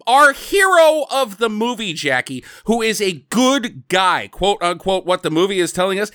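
A man's voice: high-pitched, normal speed, few pauses, smooth, dry recording, studio quality. A man casually recapping a movie plot on a podcast, joking and swearing as he acts out scenes. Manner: joking, profane, animated retelling with mimicked lines. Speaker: podcast co-host.

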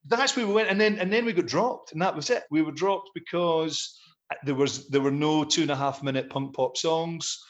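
A man's voice: a little high, moderate pace, muffled recording. Rambling middle-aged male musician. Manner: rambling, anecdotal, self-deprecating. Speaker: musician guest. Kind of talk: casual interview storytelling.

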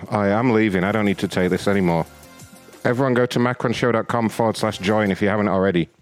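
A man hosts a loose, joking live show. His voice sits low and comes out smooth and clear. He sounds exasperated as he trades quips, with soft music playing faintly behind him. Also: fast talker. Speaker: host. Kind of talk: casual banter on a live show.

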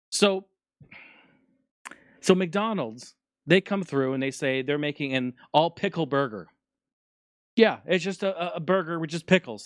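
Animated, profane man hosting a podcast. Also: a little high, no echo, clean studio sound. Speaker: podcast host. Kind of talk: casual solo podcast chat.

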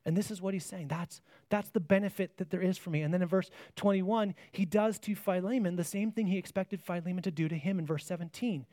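Male preacher, higher register, earnest sermon delivery with frequent restarts and questions to the listeners, dry sound. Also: fairly quick, few pauses, warm tone, no echo. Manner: earnest, repeats words as he restarts phrases; asks the listeners rhetorical questions.

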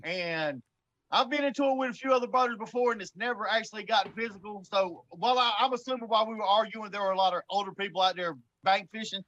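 Man in his forties, high bright voice, animated storyteller, stammers and laughs. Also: fast, dull audio. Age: 40s. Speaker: guest telling a story. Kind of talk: casual storytelling.

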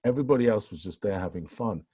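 A man with a husky voice, telling stories in a casual chat over a video call, full of voice impressions. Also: on the low side, fast, no room sound. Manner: animated storyteller, lively voice impressions. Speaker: guest, strongman event referee and coach.

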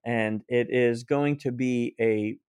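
A middle-aged man, a guest author, telling a personal story in an interview, animated and quoting people in his own voice, with frequent restarts. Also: mid-range voice, takes it slowly, clean tone, no room sound, studio quality.

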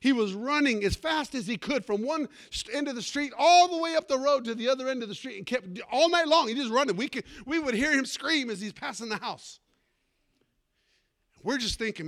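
A man preaching a fervent sermon, calling out for amens and swinging between loud and hushed delivery. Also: very high-pitched, lively intonation, normal speed. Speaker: pastor.

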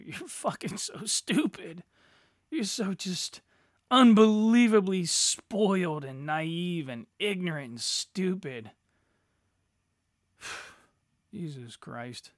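A man's voice: a little high, fairly bright tone, no echo, clean studio sound. A middle-aged man hosting a solo podcast, ranting crudely and sarcastically with heavy swearing. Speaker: podcast host. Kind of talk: profane solo rant.

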